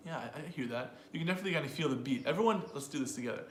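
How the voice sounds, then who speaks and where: A man's voice: mid-range voice, racing, few pauses, reverberant, slight background noise. A man teaching an English pronunciation lesson to a live audience, explaining and drilling sentences aloud in an upbeat way.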